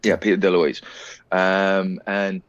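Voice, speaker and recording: A British actor talking as an interview guest, explaining his craft at length in a relaxed, reflective way. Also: low voice, slow, no echo, lo-fi sound. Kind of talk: casual interview chat.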